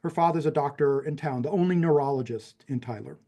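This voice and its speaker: A man's voice: fairly high pitch, brisk, dark tone. Man, 50s, general American accent, podcast guest, conversational storytelling, frequent fillers. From New Mexico, USA. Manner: rambling, many fillers and restarts.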